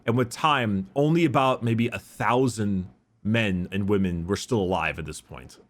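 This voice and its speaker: A man's voice: on the low side, normal speed. A man casually retelling a story on a podcast, rambling with lots of fillers. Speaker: podcast host retelling lore.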